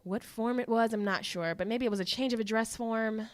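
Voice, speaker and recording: A woman co-hosting a podcast in casual chat, an animated storyteller who swears freely. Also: on the high side, brisk, dry recording. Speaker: podcast co-host.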